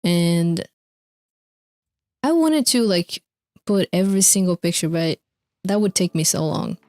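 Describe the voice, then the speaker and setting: A woman's voice: lowish voice, animated, measured pace, a little mellow, dry recording, clean studio sound. Laid-back young woman rambling with giggles. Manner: rambling, swears, laughs often, filler-heavy. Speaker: streamer recapping a band's concert lore. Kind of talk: casual chat over video clips.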